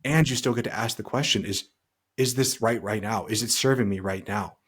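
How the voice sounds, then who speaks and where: Husky guy on a podcast, kinda rambly, keeps spinning out what-if scenarios. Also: on the low side, brisk, fairly bright tone. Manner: rambling, talks through hypothetical scenarios. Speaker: podcast co-host. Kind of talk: casual podcast chat.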